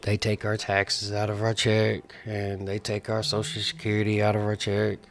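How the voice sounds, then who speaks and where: A man's voice: lowish voice, monotone, normal speed, creaky. A man in his forties talking casually to camera in an emphatic, repetitive, preachy way. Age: 40s. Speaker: vlogger.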